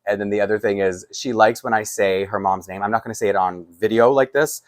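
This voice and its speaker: Man, lowish voice, casual rambling vlog chat full of restarts and chuckles. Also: steady tone, brisk. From Canada. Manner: chatty, rambling, with frequent restarts and laughs. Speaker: doll collector vlogger.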